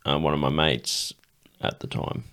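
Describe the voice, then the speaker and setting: A man's voice: a bass voice, little pitch movement, measured pace, a bit bright. A man hosting a podcast, telling stories in casual chat, swearing and laughing often. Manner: swears freely, laughs often, rambling storyteller. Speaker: podcast host.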